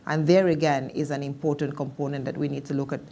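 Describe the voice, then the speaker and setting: A woman speaking as a panelist in a policy discussion, measured and thoughtful, with some restarts. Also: low-pitched, level tone, dark tone, a little hiss or hum.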